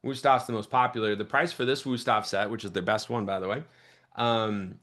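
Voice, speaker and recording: A young man coaching a sales team in an energetic teaching talk, shifting his pace and volume to stress points. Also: lowish voice, brisk. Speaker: sales trainer.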